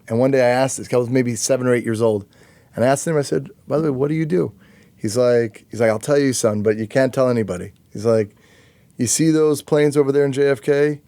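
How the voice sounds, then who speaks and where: A male podcast host with a mellow, dark-toned voice, speaking reflectively and circling back on his words. The sound is dry and close. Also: mid-range voice, quick pace, no echo. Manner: reflective, with frequent fillers and restarts. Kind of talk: conversational interview.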